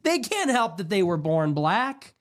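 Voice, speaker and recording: A man's voice: high voice, very animated, pitched above the performer's own voice. A man putting on a prim scolding woman. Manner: chiding, drawn-out pleading.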